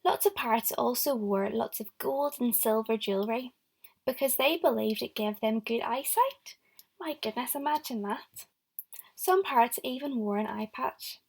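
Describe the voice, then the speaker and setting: A young woman teacher with a fairly high voice and a gravelly edge records a lesson for small children. She is encouraging and speaks straight to them, praising their answers as she goes. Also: animated, normal speed, a little mellow. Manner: encouraging, talks directly to the children. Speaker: primary school teacher.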